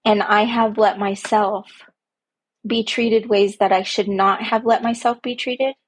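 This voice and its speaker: This podcast host's mid-range voice is slightly rough and fairly even in intonation, and she speaks a little slowly. A young-adult to middle-aged parent, she reflects earnestly on her own life, hammering points home through repetition.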